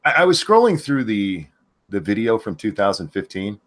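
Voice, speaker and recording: A man's voice: lowish voice, big pitch swings, normal speed, fairly bright tone. A man hosting a casual livestream chat, loose and wry, with a voice worn from hours of talking. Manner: loose and wry, reads viewer messages aloud. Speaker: show host.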